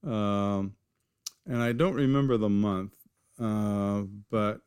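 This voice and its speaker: A man from California sits for a casual interview and tells long stories about his start as a knifemaker. His voice sits low and sounds dry and close. He rambles, circles back and restarts his sentences often. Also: slow pace, a little mellow, clear, resonant tone, no echo. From California, USA. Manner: rambling, with many restarts and fillers. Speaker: knifemaker guest.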